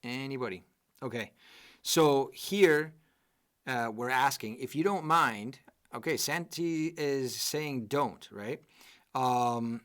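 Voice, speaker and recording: A man's voice: medium pitch, unhurried, fairly bright tone. Male English exam teacher, live online class, patient explainer, keeps checking in with students. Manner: explains patiently, often checks with "okay?" and "right?".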